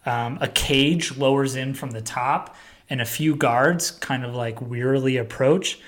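A man recounts a plot in a loose, easygoing chat, his pitch sitting in an ordinary middle range. He rambles with fillers and quick asides, acting out lines here and there as he goes. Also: fairly bright tone. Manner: rambling, filler-heavy storytelling with acted-out quotes. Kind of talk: casual chat.

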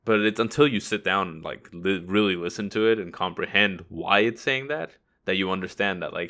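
A man's voice: low-pitched, fairly quick, sharp tone. A man co-hosting a podcast, talking casually and rambling with lots of fillers. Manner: conversational, rambling with many fillers. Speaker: podcast co-host.

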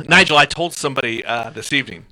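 A man's voice: mid-range voice, quick pace, pushed and bright, rough recording. A man co-hosting a podcast in casual chat, joking and chatty. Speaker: podcast co-host.

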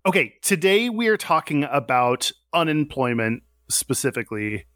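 A man's voice: a little high, big pitch swings, normal speed, a bit bright, dry recording, studio quality. A man hosting a casual podcast, chatting and laughing, often restarting his sentences. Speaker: podcast host.

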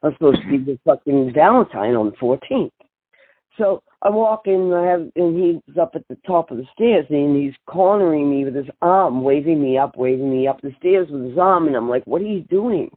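Older woman, brash storyteller, husky voice, tinny phone line. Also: sits low, brisk, dry recording. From Boston. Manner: brash, animated, laughs often. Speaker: guest, singer and author. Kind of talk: storytelling interview.

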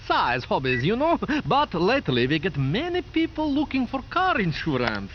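A pompous TV-ad meerkat with a thick foreign accent and stiff, halting English. His voice sits very high and leaps wildly up and down. The sound is dull and lo-fi, with a faint hiss behind it. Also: wildly swooping pitch. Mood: formal. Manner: halting, formal broken English. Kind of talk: TV ad character. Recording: lo-fi ad clip played back.

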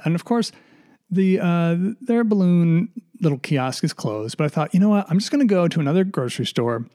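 A man's voice: on the high side, warm tone. A middle-aged man hosting a podcast alone, rambling and sarcastic, nervous, restarting often and swearing freely. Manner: nervous, sighing. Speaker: podcast host. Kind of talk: casual solo monologue.

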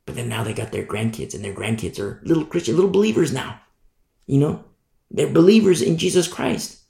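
A man preaching a sermon in an emphatic, indignant manner, often pausing to ask "you see?". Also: mid-range voice, vocal fry, reverberant.

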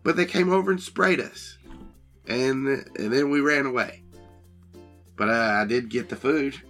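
Bright-voiced man role-playing at the table. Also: mid-range voice, a little slow, faint music behind. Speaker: tabletop game player. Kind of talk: in-character tabletop role-play.

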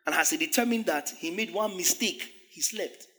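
Animated high-voiced pastor preaching. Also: male voice, fairly quick. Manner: animated, laughing, acting out scripture dialogue. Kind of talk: sermon.

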